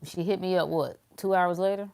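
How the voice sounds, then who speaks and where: A woman talks to her livestream audience in a casual motivational style. Her voice sits lower than most, and she preaches with emphatic repetition, circling back to each point. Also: fairly even intonation, fairly quick, gravelly, dark tone, clear, resonant tone. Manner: emphatic and preachy, repeating phrases.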